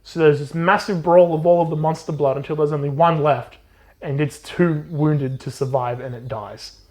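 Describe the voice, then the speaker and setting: A man co-hosting a podcast, casually retelling a children's book plot with swearing and quick silly voices for the characters. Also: on the high side, steady tone, darkish tone. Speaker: podcast co-host. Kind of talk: casual book recap chat.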